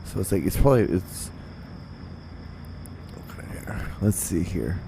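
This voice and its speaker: A man's voice: deep voice, expressive, a little slow, gravelly, noisy background. A man hosting his own solo podcast, rambling casually with many restarts and the odd curse word. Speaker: podcast host.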